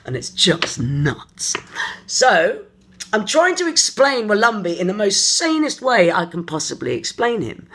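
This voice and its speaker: Spiritual coach type rambling openly to camera, stops and restarts a lot, mid pitch. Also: a bit bright. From London, England. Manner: earnest, searching, thinks aloud in halting phrases. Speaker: energy therapist and spiritual coach. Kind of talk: personal confessional vlog.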